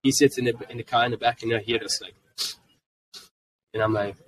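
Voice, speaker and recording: A man in his forties with a German accent tells stories casually as a podcast guest. He breaks into quick acted-out lines from his kids as he goes. His voice sounds a little distant from the mic, as if recorded at a convention booth. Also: medium pitch. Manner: animated, jumps into quoted voices of his kids. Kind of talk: casual storytelling.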